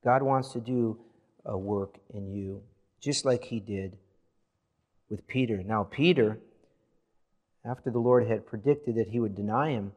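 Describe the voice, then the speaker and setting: Expressive male pastor preaching a sermon. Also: fairly low pitch, measured pace, pauses often. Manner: expressive preaching, reads scripture aloud with rising emphasis.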